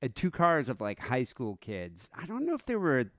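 A man in his thirties, raised in South Africa, spins animated stories on a podcast and keeps restarting his sentences. His pitch swoops up and down freely. The sound is dry and close, with no room behind him. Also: normal speed, no room sound. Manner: animated storyteller, frequent restarts. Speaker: podcast co-host. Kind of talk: casual chat.

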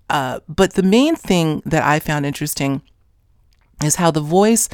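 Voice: mid-range voice, no room sound, studio quality. A podcast host telling a story in a casual monologue, rambling with many fillers and self-corrections. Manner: grows more animated toward the end. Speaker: podcast host recounting an interview.

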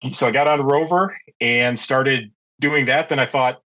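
A man's voice: mid-range voice, fairly even intonation, unhurried, sharp tone, muffled recording. A middle-aged man telling a long personal story as a podcast guest, chatty and anecdotal with many fillers and restarts. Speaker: podcast guest, pet care business owner. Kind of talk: casual storytelling interview.

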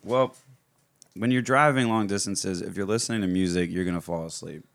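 A man's voice: deep voice, brisk, vocal fry, a bit bright, dry recording. A man on a podcast as a guest, telling rambling stories in casual chat and swearing a lot. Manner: rambling storytelling with lots of swearing.

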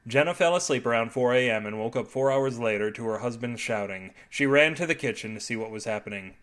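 A man's voice: mid-range voice, brisk, few pauses, fairly bright tone. A man hosting a comic story podcast, narrating in a playful, jokey, mock-grand way.

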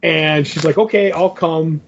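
A man's voice: a little high, fairly even intonation, measured pace. A man co-hosting a podcast, casually retelling a comic book story in a rambling way, stringing quotes together with "he's like". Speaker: podcast co-host. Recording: slightly muffled lo-fi audio.

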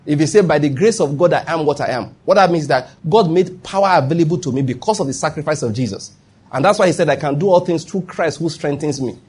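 A man's voice: a little high, quick pace, darkish tone, slightly rough. A man with a Nigerian accent preaching a sermon, emphatic and often asking whether listeners follow his point. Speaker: pastor.

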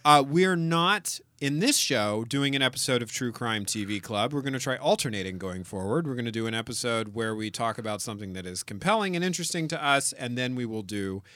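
A man co-hosting a casual podcast, wry and animated, reading listener comments aloud. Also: medium pitch, a little fast, hardly any pauses, no echo. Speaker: podcast co-host.

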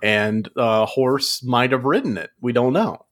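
A man co-hosting a casual comedy podcast, delivering mock-serious jokes in a deadpan way. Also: mid-range voice, measured pace. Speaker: podcast co-host.

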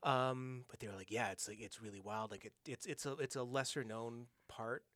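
A man's voice: mid-range voice, moderate pace, no room sound. Man telling a rambling ghost anecdote. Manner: rambling, animated anecdote with many fillers and restarts. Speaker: guest. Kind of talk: casual storytelling. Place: studio.

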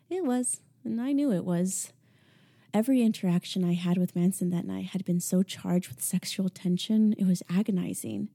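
Casual: young woman reading an audiobook, low mellow voice, hushed and wry. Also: moderate pace. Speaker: audiobook narrator. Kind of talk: first-person audiobook narration.

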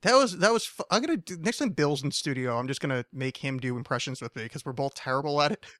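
Podcast co-host, a man with a slightly high voice, loose and rambling, dry close sound. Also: animated, quick pace, a bit bright, dry recording. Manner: rambling, self-mocking, many restarts. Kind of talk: casual chat.

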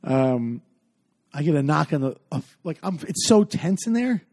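Rambling higher-voiced man telling a story. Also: very animated, moderate pace, a little mellow. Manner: rambling, many fillers, acts out quotes. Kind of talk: casual storytelling in a podcast chat.

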